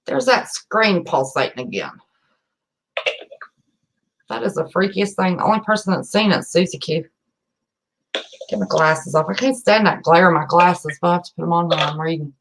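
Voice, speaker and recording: Lower-pitched Appalachian woman, livestream host, folksy and chatty, greets viewers warmly by name. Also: moderate pace, pauses often. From West Virginia. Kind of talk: casual livestream chat.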